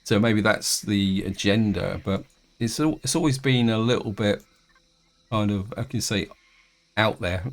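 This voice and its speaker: A man's voice: lowish voice, a little slow. A man giving casual, rambling commentary while playing a space game, with frequent restarts and fillers. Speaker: gaming video host. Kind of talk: casual let's-play commentary.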